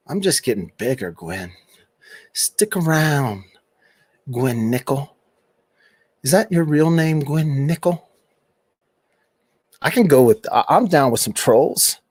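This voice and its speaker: A man's voice: mid-range voice, animated, takes it slowly, pauses often, no echo. Brief: middle-aged man, casual livestream host, teasing chat banter, dry close-mic sound. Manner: teasing, reads out and answers chat comments. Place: home room at a computer.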